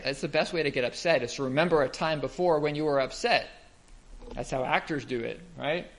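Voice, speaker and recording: A man's voice: mid-range voice, a bit bright. A man giving a Bible teaching talk, explaining step by step and asking the listeners rhetorical questions.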